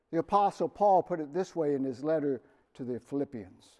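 A middle-aged pastor preaching a sermon, telling personal stories with dramatic swings from quiet to loud. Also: male voice, fairly high pitch, lively intonation, fairly quick. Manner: earnest, storytelling with dramatic swings in loudness.

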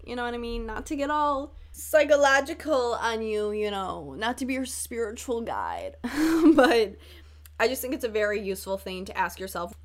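A chatty young woman from Chicago talking through her solo podcast, candid and casual, swearing freely and breaking into laughs. Her voice sits a little high, and her delivery is loose and conversational. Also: normal speed. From Chicago, USA. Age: 20s. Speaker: podcast host.

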